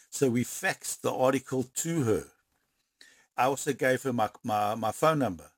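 A man tells a story with energy, often rushing ahead and doubling his words. His pitch sits in a middle range. The sound is dry, with no room echo. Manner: animated storyteller with quick bursts and repeated words. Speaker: interviewee. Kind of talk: storytelling interview.

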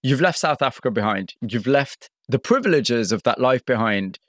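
A man hosting a radio interview program, narrating with a measured storytelling delivery and questioning a guest. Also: medium pitch, animated, a bit bright, no room sound, studio quality. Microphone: studio microphone.

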